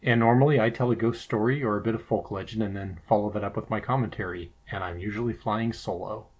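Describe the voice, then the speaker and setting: Husky man narrating a ghost story. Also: lowish voice, darkish tone. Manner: measured storytelling delivery. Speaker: podcast co-host.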